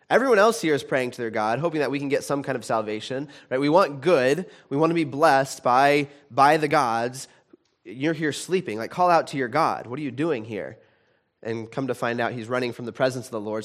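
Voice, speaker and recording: A pastor preaches a sermon conversationally, often restarting his sentences and becoming animated as he retells a story. His voice is mid-range and a little fast.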